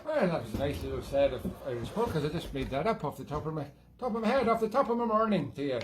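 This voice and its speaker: A man's voice: on the high side, big pitch swings, quick pace. A Scottish man voicing a boozy, cheeky male leprechaun who hosts a music show, in an exaggerated put-on Irish lilt, rambling into nonsense. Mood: jolly. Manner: rambling, jokey, drifting into nonsense. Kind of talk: comic character monologue.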